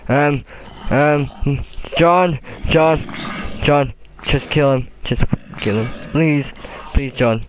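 Slow-talking Welsh gamer lad, swearing. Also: male voice, fairly high pitch, noisy background. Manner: swears a lot, talks to his pets in the game. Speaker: gaming commentator. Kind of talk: casual gameplay commentary.

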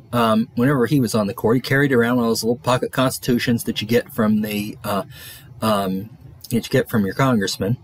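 A man's voice: medium pitch, a little hiss or hum. A man lecturing a college class, rambling with many fillers and restarts.

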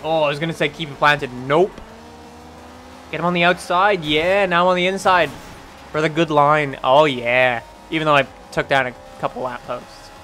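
A young man from Canada giving rambling, excitable let's-play commentary over a racing game, often jumping into high yelps. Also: moderate pace, slight background noise. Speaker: gaming channel host.

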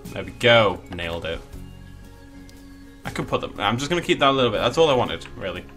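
A man's voice: on the low side, big pitch swings, a little fast, fairly bright tone, faint music behind. A man giving casual, playful commentary while he plays a video game, full of jokey asides. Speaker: let's play host.

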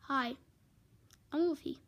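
High-voiced, slow, playful woman host. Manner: scattered and giggly, calling to an off-camera helper. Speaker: show host. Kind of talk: casual, playful chat with stuffed-animal characters.

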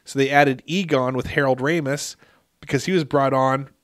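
A man hosting a casual podcast, relaxed and easily amazed by trivia his co-host shares. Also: medium pitch, moderate pace, no echo, clean studio sound. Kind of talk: casual chat.

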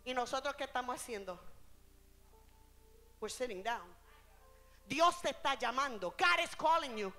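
High bright-voiced woman preaching bilingually. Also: lively intonation, moderate pace, long pauses, soft background music. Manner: switches between Spanish and English phrase by phrase; rises and falls in intensity, drawing out key words. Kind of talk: bilingual sermon. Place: church.

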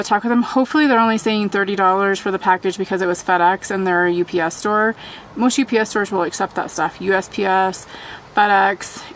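A woman's voice: mid-range voice, fairly bright tone, slight background noise, rough recording. Chatty woman vlogging to camera. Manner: chatty, addresses viewers directly. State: out of breath from altitude. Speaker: travel vlogger. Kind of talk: casual vlog talk to camera. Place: outdoors by a lake on a windy day.

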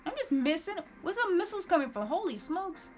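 A woman streaming a game live, excitable, exclaiming and repeating words as she plays. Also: very high-pitched, a little fast, a little hiss or hum. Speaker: gameplay streamer. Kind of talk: live gameplay commentary.

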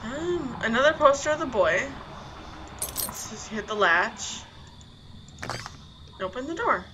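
A woman with a higher-pitched voice talks her way through a horror game in casual commentary, thinking aloud and jumping at scares. She speaks slowly and unhurriedly. A clear hiss of noise sits under the recording. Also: very animated, bright, forceful tone, poor audio. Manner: thinks aloud, easily startled, chatty. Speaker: video game player.

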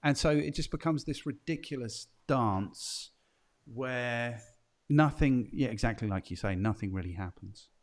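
A man's voice: medium pitch, unhurried. A man hosting a casual podcast conversation, musing aloud and checking in with "do you know what I mean". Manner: chatty, musing, asks guests questions, frequent "do you know what I mean". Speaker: podcast host and trainer.

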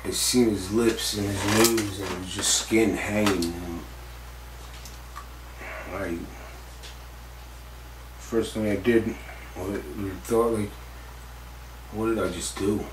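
The mic is distant, with roomy echo and faint background noise, as an interviewee describes a stunt accident. His voice is fairly low and steady, and he takes it slowly with long pauses. He rambles and swears freely, with plenty of fillers like "like" and "you know."

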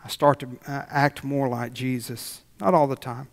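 A man's voice: mid-range voice, fairly even intonation, normal speed. A man preaching a folksy sermon as pastor, telling a story and closing in prayer. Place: church sanctuary. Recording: long church reverb.

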